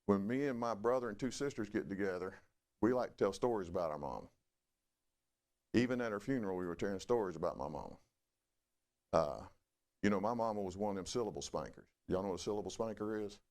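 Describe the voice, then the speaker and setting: A middle-aged man preaching a sermon in a folksy, conversational way. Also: quick pace. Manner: folksy, conversational preaching with lively swings in pitch. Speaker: pastor.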